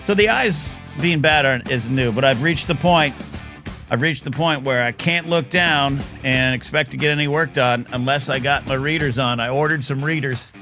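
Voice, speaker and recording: A man's voice: medium pitch, normal speed, pushed and bright, soft background music. Rambling man in his fifties. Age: 50s. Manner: rambling, jokey, with bursts of mock outrage. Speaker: talk show host. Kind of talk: live talk show chat.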